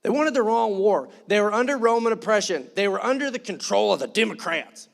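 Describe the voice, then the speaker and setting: High-voiced man preaching a sermon. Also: lively intonation, brisk, gravelly. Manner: conversational, joking asides, acts out quoted voices. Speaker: pastor. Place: church.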